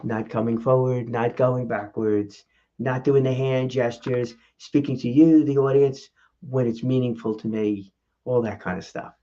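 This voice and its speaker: Host, male, mid-pitch, animated vlog delivery with rhetorical questions, lo-fi camera audio. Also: a little slow. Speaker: vlog host and speaking coach. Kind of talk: casual talking-head vlog. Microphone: camera mic.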